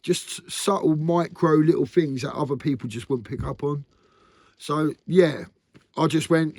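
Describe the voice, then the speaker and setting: A man's voice: on the high side, measured pace, a little mellow. A man talking candidly to camera in a rambling, earnest vlog, often tagging sentences with "mate". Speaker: vlogger.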